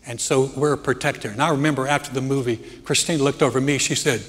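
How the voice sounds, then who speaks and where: A middle-aged man preaching a sermon as pastor, telling family stories and growing animated as he jokes. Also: mid-range voice, unhurried, long pauses, slight background noise. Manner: storytelling, animated when joking. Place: church hall. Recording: church hall with long reverb.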